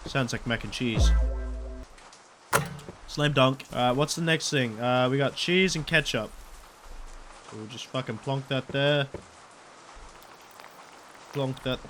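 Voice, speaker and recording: A man's voice: medium pitch, a bit bright, slight background noise. A man doing crude, joking let's-play commentary while he plays. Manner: crude, joking, swears a lot. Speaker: gaming YouTuber.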